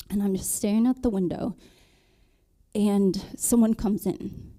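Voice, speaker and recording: A married woman on a panel, telling her conversion story in a halting way, with many ums and restarts. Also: mid-range voice, fairly even intonation, warm tone. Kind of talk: personal testimony in a panel talk.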